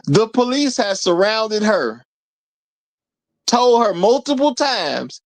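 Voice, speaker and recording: A man's voice: sits high, very animated, slow, long pauses, no echo. A male show host giving casual commentary, talking straight to his viewers in an emphatic way and laughing between points.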